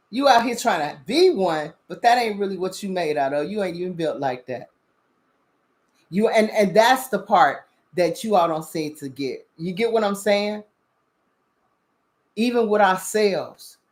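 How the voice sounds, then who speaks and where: A woman hosting a spiritual talk show, preaching bluntly with lots of profanity and repeated "you understand?" questions. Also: medium pitch. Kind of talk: casual spiritual commentary.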